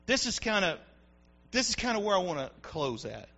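High-voiced fervent preacher. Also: male voice, big pitch swings, moderate pace, lo-fi sound. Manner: preaching with rising fervor, shouting at peaks. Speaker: pastor. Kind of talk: sermon. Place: church.

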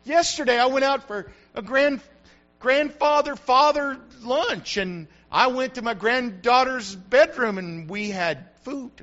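A man's voice: very high-pitched, a little slow, a bit bright, dull audio. An older man from the United States, a grandfather and pastor, preaching a sermon with repetition and rising emphasis.

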